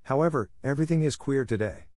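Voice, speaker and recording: A man's voice: mid-range voice, quick pace, darkish tone, no echo, clean studio sound, voice pushed up, lightly acted. A man reading the part of a polite, chatty little girl in a storybook, speaking earnestly. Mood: wondering.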